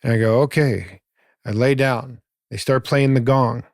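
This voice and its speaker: Animated storytelling man, mid-pitched. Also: normal speed, no echo, studio quality. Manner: animated, acts out quoted lines, swears. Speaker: podcast guest. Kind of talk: casual storytelling.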